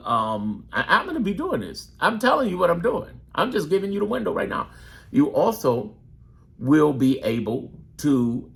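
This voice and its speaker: Brash and profane, a gaming YouTuber talks viewers through a how-to directly to camera. His voice is medium-pitched, gravelly and a bit bright, and he loves dropping into put-on voices.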